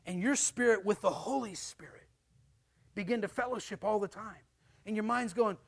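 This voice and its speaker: A middle-aged man preaching a sermon as a pastor, animated and storytelling, acting out little voices. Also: high-pitched, normal speed, gravelly.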